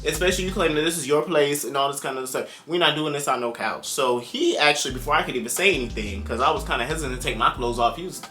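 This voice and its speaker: A young man telling a personal story to his viewers in a casual, animated way, exclaiming often and talking to the audience directly. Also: mid-range voice, rapid-fire, few pauses, soft background music. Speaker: storytime vlogger.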